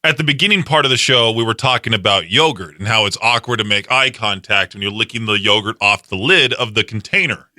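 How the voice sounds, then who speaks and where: A man's voice: on the low side, fairly quick, sharp tone, no room sound, studio quality. A man hosting a radio show, bantering casually with a co-host, teasing and laughing often. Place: radio studio.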